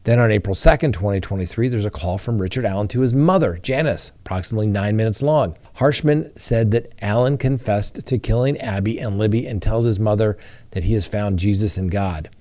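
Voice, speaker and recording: A man's voice: lowish voice, brisk, warm tone. A man hosting a crime news show, explaining courtroom rules and reading out trial testimony to his viewers. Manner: explanatory, addresses viewers directly. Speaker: host. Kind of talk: legal commentary on a trial.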